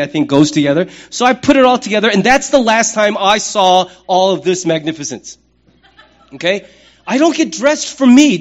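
A middle-aged man preaching a sermon as pastor, conversational and humorous, with lively acted-out asides. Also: sits high, dull audio.

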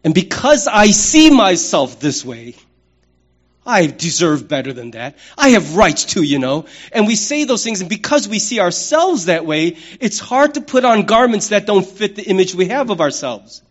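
A middle-aged man preaching a sermon as pastor, conversational and humorous, with lively acted-out asides. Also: high-pitched, moderate pace, highs cut off.

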